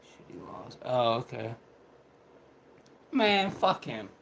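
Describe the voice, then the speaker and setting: A man's voice: medium pitch, big pitch swings, slow pace, creaky, fairly bright tone, a little hiss or hum, poor audio. A young man casually telling rambling, profane stories with lots of laughter. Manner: laid-back, profane, laughs through his stories. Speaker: storyteller. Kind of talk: casual storytelling. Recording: music playing in the background.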